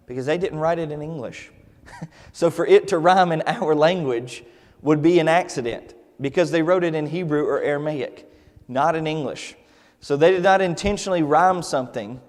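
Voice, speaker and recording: In a church classroom, a man teaches a Sunday Bible class casually and conversationally, with many fillers and restarts. His voice is medium-pitched and darkish, with a big-room sound.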